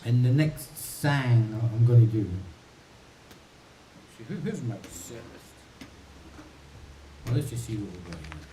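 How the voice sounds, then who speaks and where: A man's voice: lowish voice, lively intonation, slow pace, pauses often, dark tone. A man hosting a livestream from his home, chatting casually and thinking aloud between songs. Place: home in the mountains. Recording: roomy, distant mic, faint hiss.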